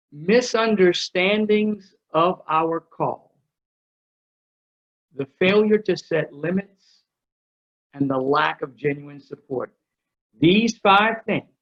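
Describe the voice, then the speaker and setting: A middle-aged man giving a workshop talk on ministry. He tells energetic, joking stories. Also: on the high side. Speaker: ministry speaker. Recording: dull lo-fi recording.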